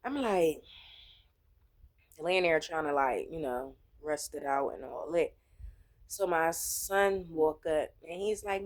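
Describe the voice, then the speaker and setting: Low-voiced woman, blunt and profane. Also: takes it slowly, long pauses. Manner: blunt, heavy swearing, animated. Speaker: vlogger telling her own health story; mother. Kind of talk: casual storytelling to camera.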